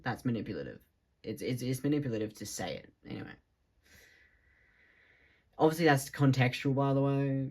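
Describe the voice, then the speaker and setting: Husky man rambling casually. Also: mid-range voice. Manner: rambling, swears freely, many fillers. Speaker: vlogger.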